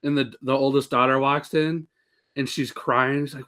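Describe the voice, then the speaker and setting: A man's voice: medium pitch, little pitch movement, moderate pace, a bit bright. A man co-hosting a podcast, rambling a bit as he describes scenes from shows. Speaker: podcast co-host. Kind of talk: casual chat.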